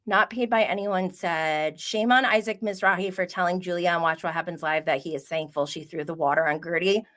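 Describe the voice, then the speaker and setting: A woman's voice: fairly low pitch, fairly quick. A woman hosting a live stream, chatting casually and gossiping, reacting to comments with frequent laughs. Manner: animated, gossipy, laughs often, reads chat aloud. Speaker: host.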